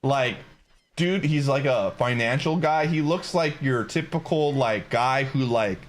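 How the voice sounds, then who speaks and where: A man's voice: medium pitch, a little hiss or hum. A man streaming a game while he chats and tells a story in a casual, slangy way, often breaking into laughter. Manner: animated, laughs through the telling, slangy.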